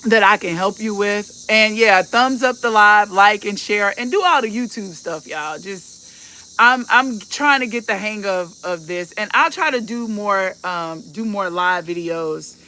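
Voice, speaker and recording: A woman's voice: mid-range voice, a little slow, pushed and bright, a little hiss or hum. A woman in her fifties hosting a casual livestream, chatting in a folksy way and calling her viewers y'all. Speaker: host of a livestream.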